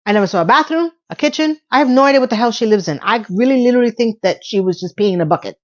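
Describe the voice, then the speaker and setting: A woman's voice: on the high side, expressive, very fast, dull audio. A woman casually recapping a TV episode, chatty and sarcastic, sometimes acting out the characters' lines.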